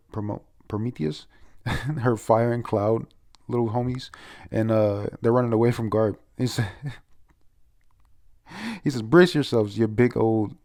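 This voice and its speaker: A man's voice: medium pitch, a little mellow. A man casually reviewing a manga chapter aloud, rambling, stumbling over names, laughing and swearing as he goes.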